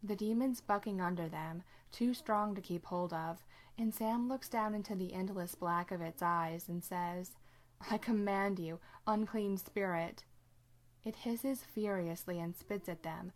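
A woman reading a story aloud in steady narration. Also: medium pitch, normal speed. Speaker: reader.

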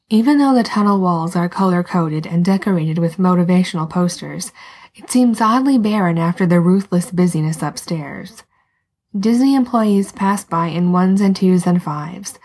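A woman reading a story aloud as narrator, soft and unhurried, sometimes dropping to a whisper. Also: fairly low pitch, slightly rough. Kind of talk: scripted narration.

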